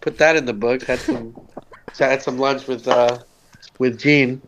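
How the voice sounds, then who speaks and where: Against a noisy background, a podcast guest from Socorro, US Southwest, tells a wandering story in casual chat, speaking a little slowly in a mid-range voice with fairly even intonation. He says "like" a lot, curses without restraint, and acts out the dialogue.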